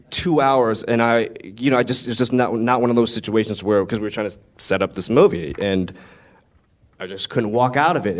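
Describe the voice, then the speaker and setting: A man, a screenwriter guest at a Q&A, telling stories casually, acting out quotes, swearing and laughing often. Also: medium pitch. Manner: animated, profane, acts out quotes, laughs often. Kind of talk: casual anecdotal storytelling. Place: live Q&A event.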